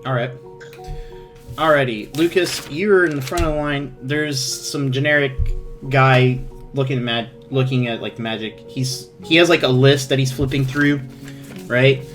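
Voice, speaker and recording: A man's voice: medium pitch, fairly bright tone, faint music behind. Rambling man running a tabletop game. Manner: rambling, halting, many fillers and restarts. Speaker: game master.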